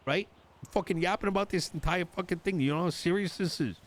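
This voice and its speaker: A man's voice: high-pitched, a little fast. Exasperated swearing man ranting in roleplay. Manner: exasperated, swearing, retelling an argument with quoted dialogue. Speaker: roleplayer voicing a politician character. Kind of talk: in-character roleplay chat.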